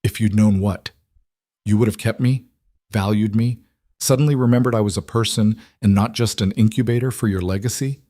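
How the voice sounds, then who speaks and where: A man's voice: on the low side, fairly even intonation, a little fast, mellow, no echo, clean studio sound, natural voice. A man voicing a cold, wounded young wife. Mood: bitter. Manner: cutting, bitter and controlled. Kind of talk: audiobook dialogue reading.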